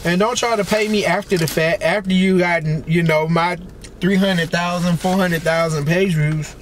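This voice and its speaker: High-voiced man in an animated eating rant. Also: normal speed, slight background noise. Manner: animated, exclamatory, chatty, talks between bites. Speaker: celebrity blogger and vlogger. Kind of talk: casual rant while eating on camera.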